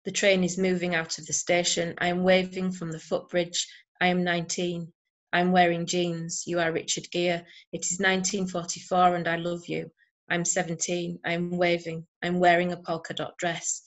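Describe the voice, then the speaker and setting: A woman recites her poems in a steady, measured way over a video call. Her voice sits slightly low and barely rises or falls, and between poems she talks hesitantly with plenty of fillers. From Yorkshire, England. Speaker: poet. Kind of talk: poetry reading.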